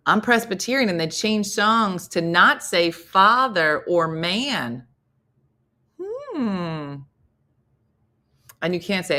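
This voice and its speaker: Speaking slowly with a very animated delivery, this middle-aged woman has a medium-pitched voice that sounds pushed and bright. She hosts a casual comedy morning show, chatting through stories and performing quotes in sing-song voices.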